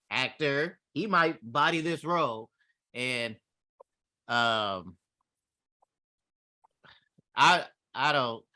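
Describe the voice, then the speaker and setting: A man in casual chat who speaks haltingly and asks questions. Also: mid-range voice, pushed and bright.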